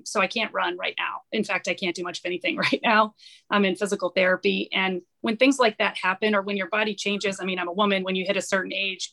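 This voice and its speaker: Woman guest, bright and level delivery, candid and chatty. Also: mid-range voice, vocal fry. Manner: candid, chatty, laughs easily. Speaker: podcast guest, company founder. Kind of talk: casual conversation.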